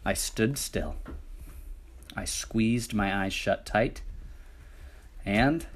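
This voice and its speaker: A man's voice: lowish voice, drawn-out words, pauses often, slight background noise. A man reading picture books aloud with a rhythmic, playful delivery. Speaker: storybook reader.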